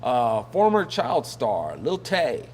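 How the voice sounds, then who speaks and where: A man's voice: medium pitch, huge pitch swings, slow pace, a little mellow, slight background noise. A man hosting a casual news commentary show, rambling and joking with lots of fillers and laughs. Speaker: host.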